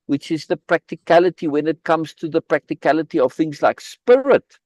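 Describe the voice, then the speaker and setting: A man's voice: on the high side, expressive, normal speed, darkish tone, dry recording. A man leading a live online book reading group, commenting in an emphatic way, often repeating words and restarting his phrases. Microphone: video call.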